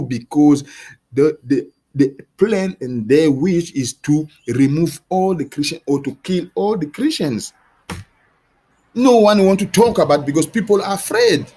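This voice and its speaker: A man delivering an impassioned monologue to camera, pleading and questioning with halting restarts and repeated words. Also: mid-range voice, mellow, slightly rough. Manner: heated, pleading, repetitive questioning.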